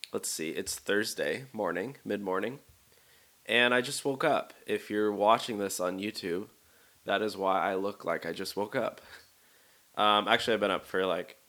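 A man's voice: lowish voice, fairly bright tone. A young man in his twenties hosting a casual solo podcast, rambling and self-deprecating with lots of fillers. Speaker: podcast host.

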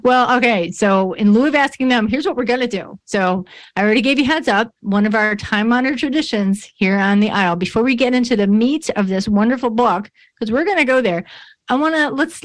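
A woman's voice: fairly high pitch, expressive, brisk. A woman from New York State hosting an interview, chatty and bubbly, laughing at herself. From New York State, USA. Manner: bubbly, chatty, self-mocking. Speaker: podcast host. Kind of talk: casual interview chat.

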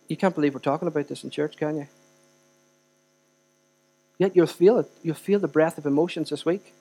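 A pastor with a fairly high voice preaches in a church, talking to the congregation in a conversational way and asking them direct questions. He swings from loud, pressing stretches to hushed ones. A low mains hum runs under the recording. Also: a little fast, long pauses. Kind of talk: sermon.

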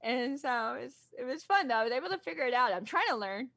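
A woman co-hosting a podcast in casual chat, animated and chatty, laughing often. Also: high-pitched, quick pace. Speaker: podcast co-host.

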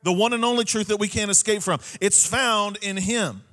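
A man's voice: sits high, normal speed, a bit bright. A male pastor preaching a sermon, repeating key phrases and often checking in with "Amen?" to the congregation.

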